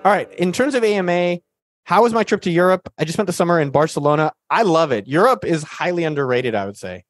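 A man's voice: on the high side, animated, fast, soft background music. A man hosting a podcast, answering listener questions in a casual, jokey, slangy way. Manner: jokey and slangy, full of banter. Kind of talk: casual, hyped Q&A talk.

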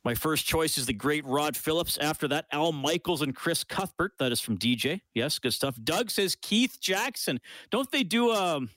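A man's voice: fairly high pitch, lively intonation, moderate pace, fairly bright tone, no echo. A man hosting a sports talk radio show, reading listener messages aloud in a chatty way and laughing now and then. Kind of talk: casual call-in sports radio chat. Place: radio studio. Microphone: studio microphone.

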